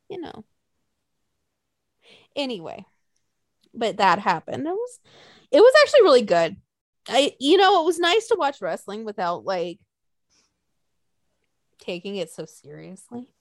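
A woman's voice: mid-range voice, big pitch swings, takes it slowly, pauses often, no echo, clean studio sound. A young woman co-hosting a casual podcast, ranting with lots of swearing and mocking put-on quotes. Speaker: podcast co-host. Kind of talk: casual chat.

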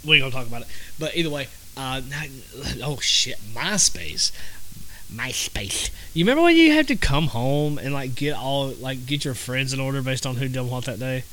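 A man's voice: medium pitch, expressive, normal speed, a bit bright, poor audio. A man with a Southern American accent hosting a podcast in a casual, rambling monologue, repeating himself and using lots of fillers. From Southern United States. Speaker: podcast host.

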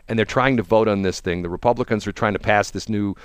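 A man's voice: fast talker, clear, resonant tone, no echo. A man in casual political chat, mocking and laughing often as he tells a story. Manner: chatty, mocking, laughs often, mimics people in high voices. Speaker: co-host.

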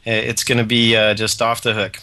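Bright-voiced self-mocking male guest. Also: lowish voice, level tone, clear, resonant tone. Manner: brisk, self-deprecating, listing points. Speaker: guest, conference chair. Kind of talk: phone-in radio interview.

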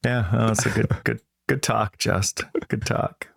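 A man's voice: on the low side, fairly even intonation, normal speed, vocal fry, fairly bright tone, no echo, clean studio sound. A man co-hosting a podcast in casual chat, telling rambling jokey stories. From Canada. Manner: rambling, joking storyteller. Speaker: podcast co-host.

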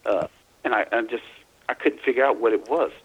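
A husky-voiced middle-aged man tells his story as an interview guest. He speaks haltingly, restarting phrases and repeating words as he gathers his thoughts, at an ordinary pitch. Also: muffled recording. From Louisiana, US. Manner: halting, repeats words while searching for them. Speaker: guest, author. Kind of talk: casual interview, recounting personal experiences.

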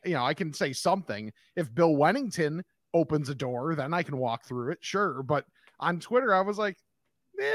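A man who hosts sports radio, talking in a lively, agreeable way in casual sports chat. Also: a little high, no room sound, studio quality.

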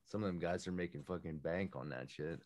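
A man's voice: sits low, fairly quick, a little mellow, dry recording, studio quality. A young man chatting casually on a podcast as a guest, swearing a lot, rambling and laughing through his stories. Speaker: music producer guest.

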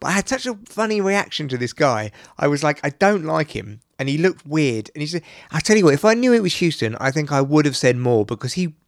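A man's voice: fairly high pitch, big pitch swings, fast, hardly any pauses, no echo, clean studio sound. A man hosting a podcast, telling stories in casual chat, blunt and swearing freely. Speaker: podcast host.

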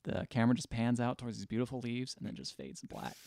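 A man's voice: medium pitch, sing-song, fast, creaky, warm tone, no room sound. Guy recapping a movie on a podcast, rambly, dry sound. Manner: retells scenes with acted quotes, loose and rambling. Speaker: podcast co-host. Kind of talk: casual movie review chat.

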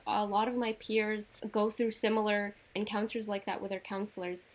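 Young woman, measured podcast co-host. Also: medium pitch, little pitch movement. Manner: measured, reads definitions aloud, asks questions. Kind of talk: casual podcast chat.

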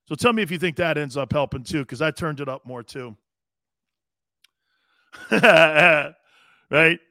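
A man hosting a live sports talk show, animated and joking, laughing often and swearing casually as he reads the chat. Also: a little high, measured pace, long pauses, no echo, studio quality. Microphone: studio mic he adjusts himself.

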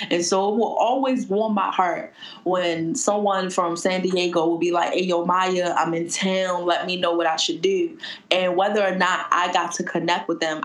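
Lady curator chatting on a podcast, swears a lot, punchy, echoey room. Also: fairly low pitch. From Baltimore. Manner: profane, emphatic, animated storytelling. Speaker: guest, gallery curator. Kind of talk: casual podcast conversation.

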